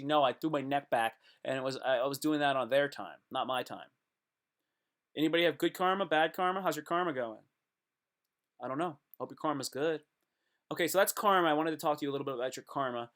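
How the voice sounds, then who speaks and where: A man's voice: mid-range voice, fairly quick, long pauses. A man talking to his viewers in a rambling casual monologue, joking around and cutting himself off. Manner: jokey, self-interrupting, slips into playful put-on voices.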